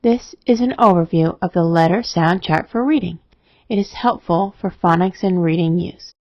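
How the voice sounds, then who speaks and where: Gravelly woman teaching spelling rules. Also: lowish voice, no room sound. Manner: steady, methodical explaining. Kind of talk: scripted instructional narration. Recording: dry, dull lo-fi voice-over.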